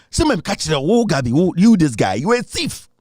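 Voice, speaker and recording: A Ghanaian man rants in mocking political commentary, his voice pitched high and swinging widely up and down. He taunts and laughs often, and the sound is close and dry. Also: very animated, moderate pace, a little mellow, dry recording. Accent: Ghanaian English. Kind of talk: ranting online commentary.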